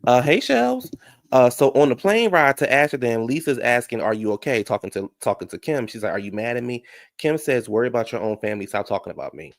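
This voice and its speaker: A man giving a sassy, gossipy casual recap of a reality show, talking back at the cast with a gravelly voice. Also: medium pitch, lively intonation, brisk, dry recording, studio quality.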